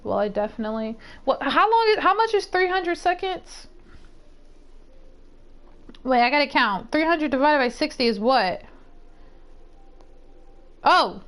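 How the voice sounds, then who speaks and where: A woman's voice: sits high, a little slow, pauses often. A young woman streaming a game, chatting casually, exclaiming and rambling as she plays. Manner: excitable, exclaims and rambles while gaming. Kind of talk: casual gameplay chat.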